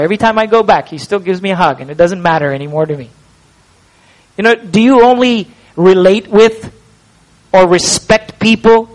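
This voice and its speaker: A man from India, preaching an expository sermon, emphatic, slowing down to stress key words and asking the listeners rhetorical questions. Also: sits high, rough recording.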